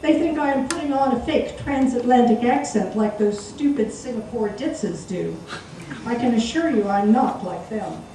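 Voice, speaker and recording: A woman's voice: on the high side, moderate pace, warm tone, a little hiss or hum, close to an everyday voice. Woman playing a haughty American businesswoman. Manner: snappish, dismissive. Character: haughty young businesswoman, cutting and brisk. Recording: echoey live stage, distant mic.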